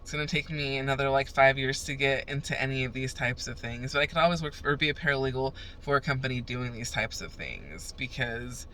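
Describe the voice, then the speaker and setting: A woman's voice: a bass voice, brisk, hardly any pauses, bright, forceful tone, slight background noise. A young woman vlogging in a profane, fired-up rant as she tells a story. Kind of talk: ranting casual vlog.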